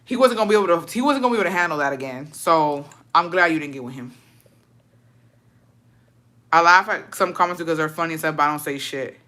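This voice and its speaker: A woman's voice: low-pitched, quick pace, pushed and bright. A woman host chatting casually and reading viewer stories aloud, slangy and swearing freely. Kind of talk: casual chat and story reading.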